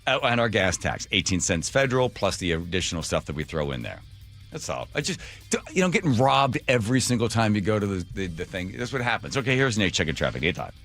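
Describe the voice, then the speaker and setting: A man's voice: lowish voice, very animated, fast talker, creaky, a bit bright, faint music behind. A man hosting a talk radio show, ranting in an opinionated and sarcastic way, sometimes putting on mocking voices for imagined people.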